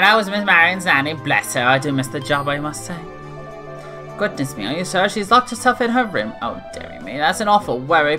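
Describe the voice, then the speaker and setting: A man voicing a fussy, kindly elderly woman nanny who dotes and frets as she talks, with a bright edge to the voice. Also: a little high, full character voice. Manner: doting, fretful.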